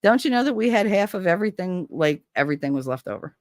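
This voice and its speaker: A middle-aged woman chats casually with her viewers, rambling through stories with swearing and laughter. Her voice sits fairly low but swings widely in pitch. The sound is dry and close. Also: quick pace, no room sound. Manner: chatty, animated storytelling with swearing and laughs. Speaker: livestream host.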